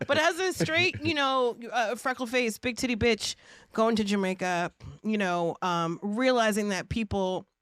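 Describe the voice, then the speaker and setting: A woman comedian chatting as a podcast guest, brash and riffing with rapid jokes. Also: a little high, a bit bright, dry recording, studio quality. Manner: brash, joking riffs, rapid bits. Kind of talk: casual interview chat.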